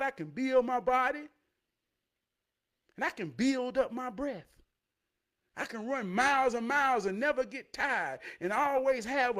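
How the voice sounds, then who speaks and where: A man with a strikingly high-pitched voice delivers a streetwise motivational sermon. He repeats lines for effect, draws some words out, and swears freely as he builds to shouted points. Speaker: motivational speaker. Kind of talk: preachy motivational monologue.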